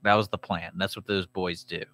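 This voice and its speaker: Bright, blunt low-voiced man. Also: little pitch movement, moderate pace, dry recording. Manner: blunt, dismissive opinions. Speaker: podcast co-host. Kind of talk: casual chat.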